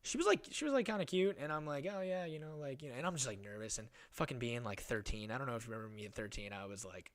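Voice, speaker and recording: A man's voice: mid-range voice, animated, racing, few pauses, a bit bright. A young man hosting a podcast, telling a rambling story in casual chat, swearing and laughing often. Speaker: podcast host.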